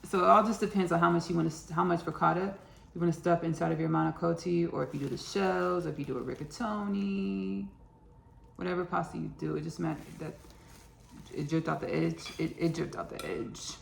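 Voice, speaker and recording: Gravelly-voiced Texan woman cooking and chatting. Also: lowish voice, steady tone, a little fast, echoey room, a little hiss or hum. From Austin, Texas. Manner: chatty, repeats phrases, laughs at own jokes. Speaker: home cooking host. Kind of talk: casual cooking vlog.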